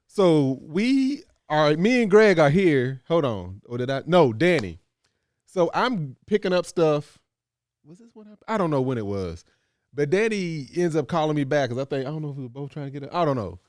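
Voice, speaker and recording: A man, co-hosting a casual chat, telling a story in a rambling, animated way with many restarts. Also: a little high, normal speed, dry recording, studio quality. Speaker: co-host.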